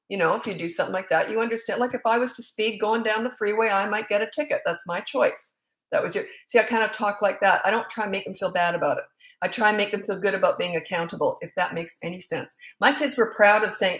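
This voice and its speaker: A middle-aged woman answers parenting questions in a loose, chatty way, dropping in personal stories and plenty of fillers. Her voice sits at an ordinary pitch. The room gives it a noticeable echo. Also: fast, fairly bright tone. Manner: chatty, frank, anecdotal, full of fillers. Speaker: parenting coach. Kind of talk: casual Q&A answering viewer questions. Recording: roomy echo.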